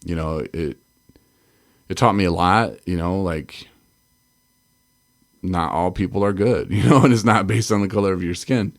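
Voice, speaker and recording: A man's voice: low-pitched, moderate pace, long pauses. A man co-hosting a recovery podcast, from Michigan, talking in a rambling way with frequent laughs and restarts. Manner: rambling, self-interrupting, laughs often. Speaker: podcast co-host. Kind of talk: casual chat.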